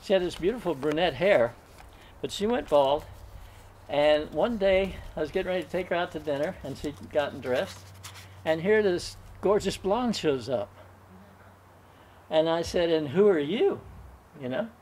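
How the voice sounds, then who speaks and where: Older male storyteller at an open mic; folksy, chuckling delivery, a bit high-pitched, faint noise behind. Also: expressive. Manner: gentle, chuckling, folksy pauses.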